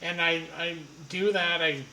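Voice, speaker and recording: Brief: male storyteller, bright forceful tone, blunt and crude, echoey room. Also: fairly high pitch, steady tone, measured pace, slight background noise. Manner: blunt, profane, rambling. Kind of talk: casual anecdote storytelling.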